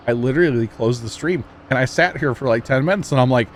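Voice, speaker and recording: A man rambles to his livestream chat while he plays a farming game, chuckling often between thoughts. His voice sits at an ordinary middle pitch, and a faint noise hums behind him. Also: fast talker, few pauses. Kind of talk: casual chat while playing.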